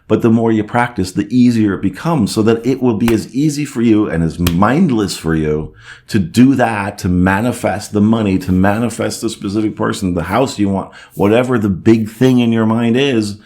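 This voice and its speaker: A man with a lowish voice talks through viewer questions in a relaxed coaching style. He reassures his listeners and keeps checking in with "okay?" and "you see". Now and then he mimics a nervous, doubting inner voice. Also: normal speed. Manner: acts out doubtful inner chatter. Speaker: host answering viewer comments. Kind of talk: casual coaching talk.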